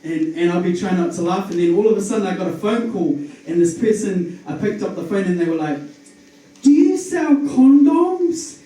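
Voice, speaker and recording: A high-voiced man with a New Zealand accent does a stand-up set, nervous and rambling, full of ums, restarts and giggles at his own jokes. He sounds distant from the mic in a very echoey room. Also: fairly even intonation, quick pace, few pauses, dark tone. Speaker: stand-up comedian. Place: comedy club stage with audience.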